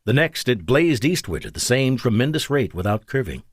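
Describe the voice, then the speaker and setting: A man narrating an audiobook in a measured, dramatic way. His pitch moves lively through the sentences. The sound is close and dry, with no room around it. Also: no room sound. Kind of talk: scripted narration.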